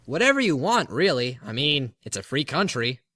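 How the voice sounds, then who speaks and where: Male co-host, comedy sketch, exasperated, bright voice, dry recording. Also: medium pitch, very animated, moderate pace, no echo. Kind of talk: comedy sketch talk show.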